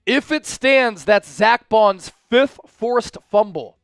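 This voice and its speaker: A man hosting a fan livestream, giving excitable live commentary on the game, shouting at big plays and talking directly to his viewers. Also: sits high, slow, clean tone, no room sound, faint music behind. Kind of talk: live watch-along commentary.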